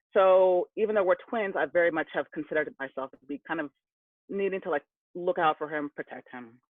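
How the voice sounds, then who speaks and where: A man tells a candid personal story, his voice sitting a little high and heating up as he recalls his anger. The sound is dry and close, squeezed through a narrow, phone-like band. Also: dry recording. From California. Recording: tinny phone-like line.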